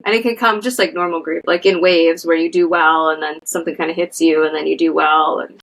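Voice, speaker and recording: A woman therapist speaks in a slightly low voice, unhurried and reflective. She talks in a casual conversational way, often pausing on fillers as she works through her thoughts. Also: steady tone, gravelly, fairly bright tone, low-quality recording. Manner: thoughtful, uses many fillers. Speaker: therapist guest.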